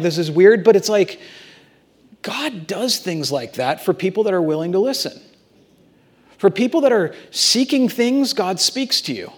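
High-voiced man preaching casually. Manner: conversational storytelling, animated asides. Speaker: pastor. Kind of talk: sermon.

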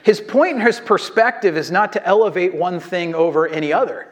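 A male pastor delivering a conversational, self-deprecating sermon. His speaking voice sits notably high for a man. He talks to the congregation like a friend, sprinkling in fillers and starting sentences over. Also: a little fast.

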